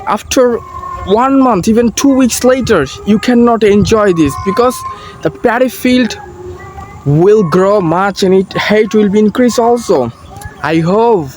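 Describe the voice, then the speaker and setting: A young Bangladeshi man with a Bangladeshi accent, walking and vlogging by paddy fields, speaking earnest, halting English as a learner. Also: high voice. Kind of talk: casual walking vlog. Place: outdoors by paddy fields and a canal. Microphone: phone on a selfie stick. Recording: noisy outdoor phone recording.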